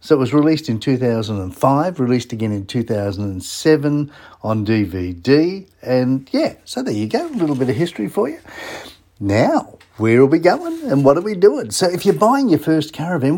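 Husky-voiced radio host, lively. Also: male voice, medium pitch. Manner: chatty, fires rhetorical questions at listeners. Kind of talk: casual radio talk.

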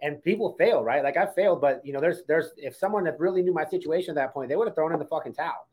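A man's voice: on the high side, quick pace, darkish tone, husky. A man telling his story in a casual, brash way, with plenty of swearing. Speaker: co-host. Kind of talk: casual chat.

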